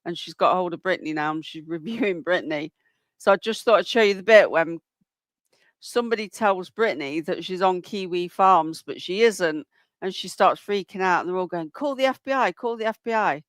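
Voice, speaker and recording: A man hosts a livestream in a chatty, casual way, greeting viewers by name as he explains a clip. His voice sits high and sounds dry and close. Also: a little fast, a bit bright, no echo. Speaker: livestream host.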